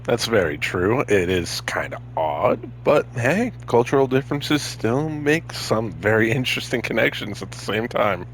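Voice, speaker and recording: A man's voice: expressive, moderate pace, hardly any pauses, a little hiss or hum. A man giving casual, joking commentary while playing a video game. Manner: joking and chatty, jumping into high tones. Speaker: gameplay commentator.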